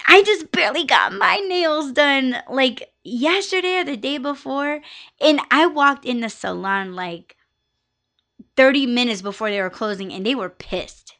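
A woman's voice: sits high, animated, unhurried, sharp tone. A young woman hosting a podcast on her own, chatting candidly and profanely, rambling with lots of fillers. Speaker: podcast host. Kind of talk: casual solo podcast chat.

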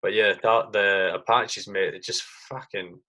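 A man's voice: lowish voice, steady tone, measured pace, bright, forceful tone, low-quality recording. A man from Britain hosting a podcast with an army comrade, talking in a loose, rambling way and swearing freely. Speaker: podcast host. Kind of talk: casual chat.

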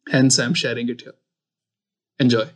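A man's voice: mid-range voice, level tone, normal speed. A man hosting his own show, explaining an idea through a personal story in a casual, conversational way with lots of "you know" asides. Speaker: podcast and video host. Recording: echoey room with faint music.

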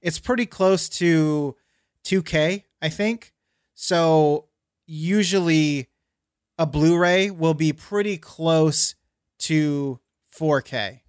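A man's voice: fairly high pitch, drawn-out words, clear, resonant tone, no room sound, studio quality. A man co-hosting a casual podcast, rambling through stories with self-mocking humor and plenty of fillers. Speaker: podcast co-host. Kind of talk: casual chat.

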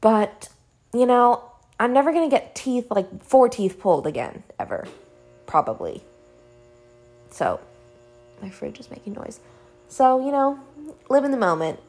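A young woman casually telling a personal story at home, animated and chatty, with frequent "like" and casual swearing. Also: a little high, a little slow, pauses often. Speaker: vlogger. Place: home room.

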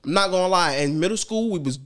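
A man's voice: high-pitched, lively intonation, quick pace, fairly bright tone. A man co-hosting a podcast, telling stories in slangy, profane casual chat. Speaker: podcast co-host.

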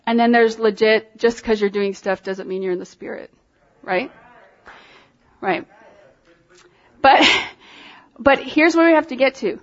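A woman preaches in a loose, conversational way, circling back on her words and pressing her points with animated emphasis. Her voice sits a little high. The recording sounds dull and lo-fi. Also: measured pace, long pauses. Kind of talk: informal sermon.

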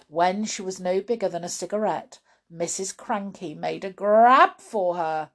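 A woman reading a children's storybook aloud with expressive, dramatic narration. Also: fairly low pitch, a little slow. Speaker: storybook reader.

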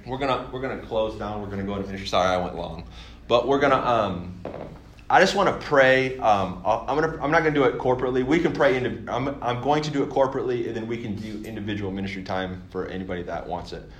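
Excited rambling man in an echoey church. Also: fairly low pitch, quick pace. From Michigan, USA. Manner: rambling, excited, full of fillers and restarts. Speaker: guest speaker at a church. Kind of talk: storytelling sermon. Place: church hall. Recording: echoey church hall, faint room noise.

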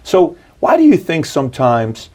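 A man's voice: fairly high pitch, huge pitch swings, measured pace, a little mellow. A man interviewing a guest, asking curious, rambling questions and affirming his answers.

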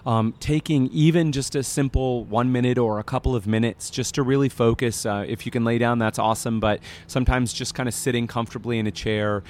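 A man in casual conversation, an animated storyteller with frequent fillers who talks about stress and breathing. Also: mid-range voice, fairly quick, hardly any pauses.

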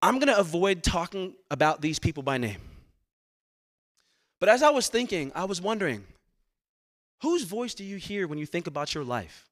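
A man's voice: sits high, very animated, normal speed, pauses often, a bit bright. A man as pastor delivering a sermon, earnest, repeating words as he presses his points. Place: church sanctuary.

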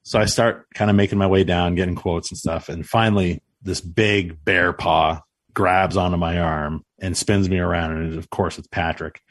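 A man's voice: deep voice, steady tone, moderate pace, dry recording. A man co-hosting a podcast, telling rambling, self-deprecating stories in casual chat. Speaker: podcast co-host. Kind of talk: casual storytelling.

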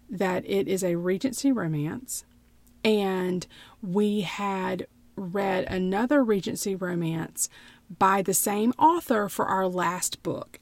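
A woman's voice: mid-range voice, creaky, dry recording. A woman co-hosting a book podcast, chatty, laughing and tripping over her words. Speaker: podcast co-host. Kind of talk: casual book-club chat.

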